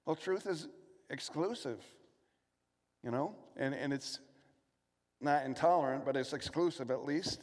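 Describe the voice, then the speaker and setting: A man's voice: fairly high pitch, measured pace, long pauses. Earnest male preacher in a reverberant hall. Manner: earnest preaching, rhetorical questions and scripture reading. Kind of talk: sermon.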